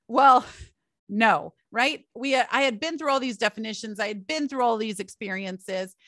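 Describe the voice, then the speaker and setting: A woman's voice: fairly high pitch, normal speed, a bit bright, no room sound, clean studio sound. A middle-aged woman hosting a solo podcast, telling personal stories in a chatty way and calling her listeners "you guys". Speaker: podcast host.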